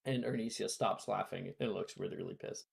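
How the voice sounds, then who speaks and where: A man narrating a tabletop game as game master, with many fillers and pauses. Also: on the low side, creaky, husky. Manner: slow, halting, lots of fillers.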